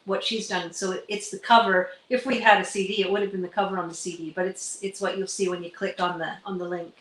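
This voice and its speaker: A woman's voice: medium pitch, little pitch movement, fast, a bit bright, echoey room, rough recording. A middle-aged woman from Canada, a musician guest chatting casually and rambling with many fillers. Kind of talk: casual livestream chat.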